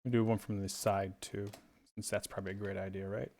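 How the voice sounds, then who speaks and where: A man's voice: on the low side, level tone, fairly quick, creaky, darkish tone, a little hiss or hum. A man teaching a drawing tutorial in a playful, chummy, jokey way. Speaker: art instructor.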